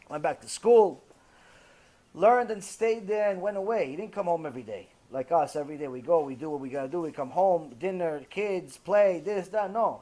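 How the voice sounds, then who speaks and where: High-voiced animated rabbi telling a story. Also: male voice. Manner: animated, acts out dialogue. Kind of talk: lecture storytelling.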